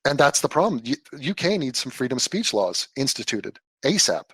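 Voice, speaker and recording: A man's voice: mid-range voice, sing-song, brisk, fairly bright tone, slightly rough, no room sound. A man hosting a live call-in stream, blunt and profane, answering callers in casual chat. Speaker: livestream host answering callers.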